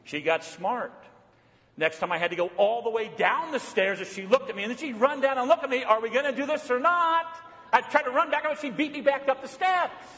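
A male pastor delivers a sermon in a high voice, mixing folksy, homespun stories with earnest, quiet appeals. The sound rings with the long reverb of a large hall. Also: brisk. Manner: storytelling, folksy, dropping low for earnest points.

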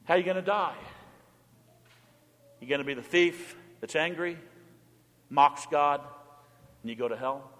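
A man pastor preaching a sermon with emphatic delivery, swinging between forceful passages and hushed ones. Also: a little high, a little slow, pauses often. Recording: long hall reverb.

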